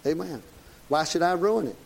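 A man's voice: a little high, lively intonation, normal speed, creaky. A middle-aged man, preaching a folksy, plain-spoken, emphatic sermon. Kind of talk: conversational sermon.

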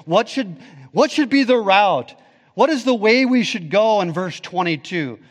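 A man's voice: sits high, lively intonation, unhurried, big-room sound. A man pastor preaching a sermon emphatically, rising and falling in intensity.

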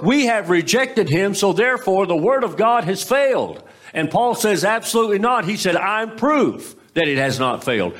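A pastor preaches through a scripture passage with a somewhat high-pitched voice. He reads verses aloud and then explains them. He slips now and then and corrects himself without fuss. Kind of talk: expository sermon.

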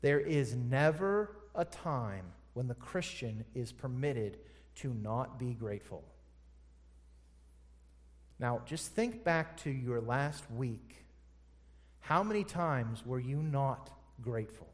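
A man preaching a sermon as pastor, asking rhetorical questions and moving between quiet, low passages and loud, forceful ones. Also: expressive, slow pace, in a large hall.

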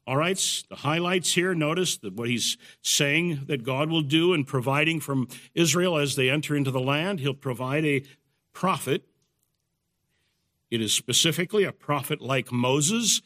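A man giving a measured, explanatory Bible study lecture in the evening. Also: a little high, a bit bright. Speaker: Bible teacher.

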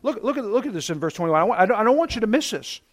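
A man in his fifties, a pastor delivering a sermon in an emphatic preaching manner, slowing down to stress key words. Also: sits high, sing-song.

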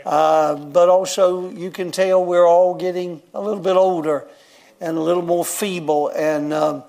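A man's voice: sits high, steady tone, a little slow, a little mellow. A man, telling a personal story in a folksy, rambling sermon and chuckling often. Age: 70s. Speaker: guest preacher.

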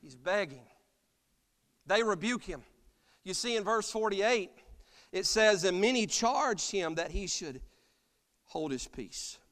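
A man preaching an impassioned sermon as pastor, swinging from loud cries to soft, quiet lines. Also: sits high, animated, takes it slowly, pauses often. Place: church sanctuary. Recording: long church reverb.

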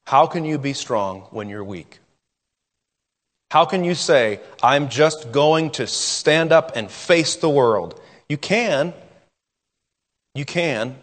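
A man preaching a sermon in an earnest way, slowing down and dropping to a near hush on key words. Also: medium pitch, animated, long reverb tail. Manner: earnest, with dramatic pauses and drops to a hush.

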